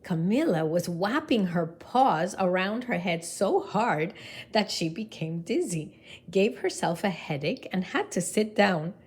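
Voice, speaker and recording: A woman reading a picture book aloud to children in an expressive way, pausing to ask her listeners questions. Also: on the low side, breathy edge. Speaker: storybook reader.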